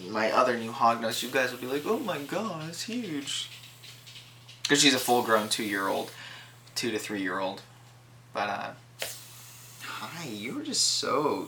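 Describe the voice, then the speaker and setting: Young reptile vlogger, casual rambling chat, bright forward tone, faint room ambience behind. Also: medium pitch, a little hiss or hum. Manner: chatty, rambling, coos at the snakes.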